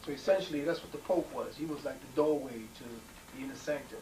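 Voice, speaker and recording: A man with a fairly high voice lectures to a live crowd, emphatic and prone to wandering off and restarting his sentences. He is picked up from a distance in a reverberant room with a faint hiss underneath. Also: a little fast, a little mellow. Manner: emphatic and digressive, with frequent restarts and fillers.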